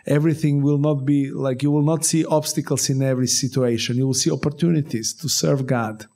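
Man, preacher, sermon, earnest exhortation, mid pitch. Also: steady tone, a little fast, mellow. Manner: earnest exhortation with short repeated commands. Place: church service.

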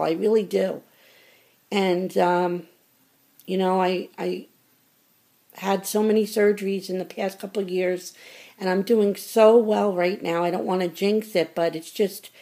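Gravelly-voiced woman gushing over fan mail. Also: mid-range voice, mellow. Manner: effusive and grateful, gets choked up. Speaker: vlogger opening fan mail. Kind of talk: casual chat to camera.

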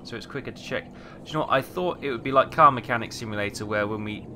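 A man's voice: mid-range voice, quick pace, background noise. A Welsh man casually chatting and muttering through a simulator game as he plays, with a run of British exclamations. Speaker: gaming video host. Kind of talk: casual let's play commentary.

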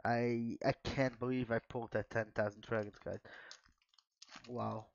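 Guy opening card packs for his channel, chatty n excitable, dry muffled lo-fi audio. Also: medium pitch, measured pace, gravelly, no echo. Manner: chatty, keeps addressing viewers as guys; excitable, exclaims often. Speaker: trading card pack opener. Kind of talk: casual unboxing chat to viewers. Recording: dull, dry lo-fi home recording.

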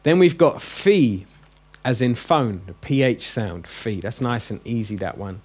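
A man teaching a class of adults, chatty and joking as he drills each sound slowly and quizzes the room. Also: medium pitch, animated, darkish tone, slightly rough. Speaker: Greek teacher. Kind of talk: classroom lesson. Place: classroom with a group.

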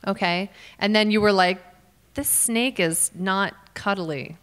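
American woman comic, quick joking crowd work, self-mocking, small live room. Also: mid-range voice, a bit bright, clear, resonant tone. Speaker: comedian working the crowd.

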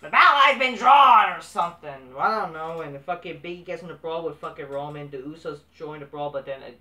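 A man's voice: fairly high pitch, brisk, pushed and bright, recorded from a distance. A man recapping a wrestling show in a casual, profane, dismissive way, swearing constantly. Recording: echoey room, off-mic.

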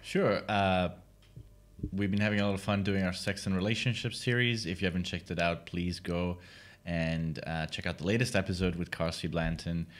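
Male podcast co-host, very deep voice, dry teasing humor, relaxed chat. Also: normal speed.

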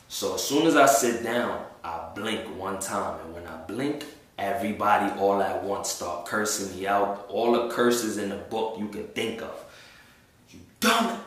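A man's voice: fairly low pitch, a bit bright. A man giving a religious testimony in a casual, slangy storytelling way, acting out what people said. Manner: casual, slangy, acts out quoted speech. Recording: echoey room, voice far from mic.

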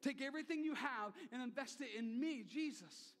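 Male pastor, high-pitched, preaching to a congregation in a reverberant church sanctuary. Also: moderate pace, fairly bright tone. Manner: conversational preaching with repeated emphatic phrases. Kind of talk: sermon.

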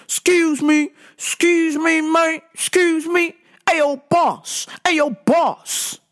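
A woman voicing a pushy, aggressive older male customer with a cane who talks loud and demanding. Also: very high voice, very slow, pitched above the performer's own voice, full character voice. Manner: loud, demanding, repeating himself.

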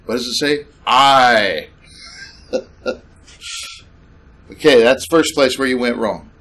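A man's voice: medium pitch, slow, fairly bright tone. A man preaching a sermon, emphatic and sarcastic, repeating points with questions to the congregation. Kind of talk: sermon with slides.

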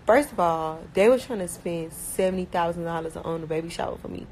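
A young woman with a Miami accent talks fast and bluntly, packing her sentences with slang and fillers. Her voice sits fairly low for a woman. A faint hiss of background noise runs under the recording. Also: darkish tone, poor audio. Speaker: rapper talking about her life. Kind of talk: casual chat.

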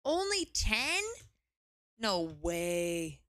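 A young woman streaming a game, chatting casually and gushing with excitement, often exclaiming and swearing. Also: fairly low pitch, extremely slow, dry recording, clean studio sound. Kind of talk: casual live gaming commentary.

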